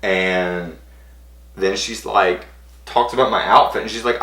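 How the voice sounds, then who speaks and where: A man's voice: low-pitched, measured pace, bright, forceful tone. A man eagerly retelling a personal story to camera, rambling and full of "like". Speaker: vlogger. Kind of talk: casual storytelling. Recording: roomy echo.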